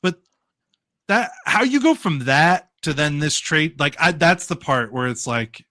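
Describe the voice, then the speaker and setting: A man's voice: a little high, expressive, a little slow, sharp tone, dry recording. A man hosting a casual podcast, talking in a rambling, hedging way with lots of fillers. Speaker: podcast host. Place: live-streamed remote show.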